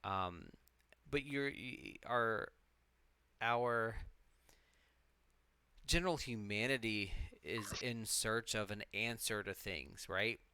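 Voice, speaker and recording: This co-host of a live witchcraft stream has a fairly low voice that sounds pushed and bright, and he takes it slowly with long pauses. His casual rambling is loose and reflective, full of free swearing and restarted sentences. The tone is clean, without echo.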